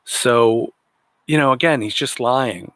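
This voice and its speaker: A man hosts a late-night political commentary livestream, his tone indignant and sarcastic. His voice sits at a middle pitch. It is recorded close and dry, with no room sound. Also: slow, fairly bright tone, dry recording. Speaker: livestream host.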